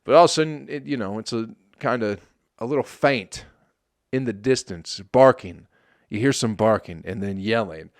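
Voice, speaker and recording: A man's voice: mid-range voice, moderate pace, dry recording, clean studio sound. A male comedian from Michigan hosting his podcast in a casual, sarcastic monologue, swearing often and laughing at his own jokes. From Flint, Michigan.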